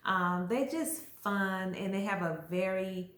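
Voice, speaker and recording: A woman talking straight to camera in a loose, chatty way, leaning hard on her points with plenty of emphasis. Her voice sits at an ordinary middle pitch. The room around her is noticeably echoey. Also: slow, a bit bright. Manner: chatty, emphatic, acts out little quoted voices. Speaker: astrology vlogger. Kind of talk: casual explanatory chat.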